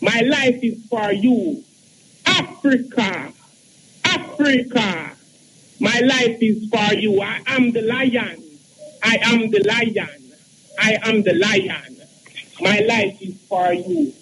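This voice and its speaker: Man, thirties, caller, very high voice, slow chanted poem recitation, phone line, faint background noise. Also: animated. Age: 30s.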